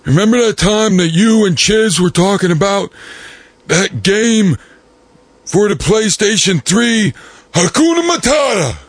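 A man putting on a squeaky, teasing sidekick voice. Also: lively intonation, unhurried, breathy edge, dry recording, exaggerated voice. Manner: teasing, needling. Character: high-pitched wisecracking male sidekick. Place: podcast studio.

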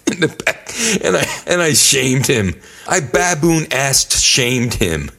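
Male guest, casual storyteller, very lively pitch, laughs a lot, salty language. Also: slow pace, gravelly. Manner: animated, laughing, profane storyteller with sudden yelps. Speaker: podcast guest.

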